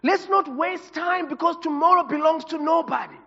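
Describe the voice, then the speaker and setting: A man's voice: extremely high pitch, moderate pace, fairly bright tone. A pastor preaching an emotional, passionate sermon to his congregation. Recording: reverberant hall, dull lo-fi sound.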